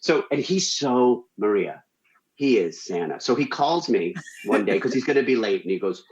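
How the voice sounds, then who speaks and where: A man telling a story on a radio show, animated and acting out the people he quotes. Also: moderate pace, reverberant, highs cut off. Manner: animated, acts out quotes with big pitch jumps. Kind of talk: casual storytelling.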